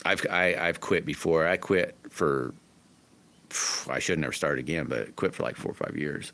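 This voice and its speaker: A man's voice: rumbling low, normal speed, fairly bright tone. A middle-aged man hosting a livestream, chatting casually with viewers in a folksy, rambling way full of restarts. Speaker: livestream host.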